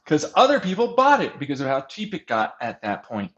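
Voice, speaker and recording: A man with a slightly high voice rants casually, swearing freely and breaking into laughter. His pitch swings widely as he rambles from point to point. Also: brisk, dull audio. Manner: profane, laughing, animated ranting.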